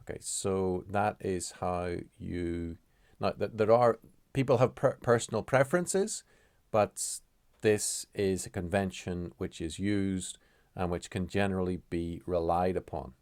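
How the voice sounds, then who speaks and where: A man with a low, deep voice explaining pronunciation rules at a slow pace. He halts often and corrects himself mid-sentence. His voice is dry and close, with no room sound. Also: darkish tone, no room sound. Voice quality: halting, with frequent fillers and self-corrections. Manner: measured, deliberate delivery. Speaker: language teacher.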